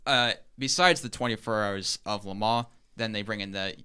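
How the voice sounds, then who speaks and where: A man's voice: on the low side, normal speed, bright, forceful tone, smooth. A young man co-hosting a podcast, eagerly explaining in a casual, rambling way with lots of fillers. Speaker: podcast co-host.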